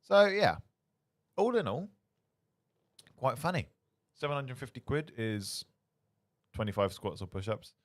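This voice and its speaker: A man's voice: medium pitch, measured pace, pauses often, no echo. A man presenting a casual charity livestream on student radio, sounding tired, with dry humour. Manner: tired, self-described monotone, dry humour.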